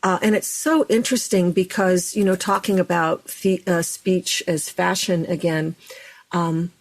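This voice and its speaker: A middle-aged woman speaks as a guest on a podcast. She explains things in a lively, chatty way. Her voice sits a little low. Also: a little slow. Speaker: speech and dialect coach.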